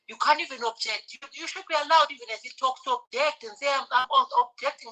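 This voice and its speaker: A woman's voice: high voice, quick pace, hardly any pauses, sharp tone, low-quality recording. A woman on a podcast panel venting in exasperation, firing off rhetorical questions. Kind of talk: heated casual commentary.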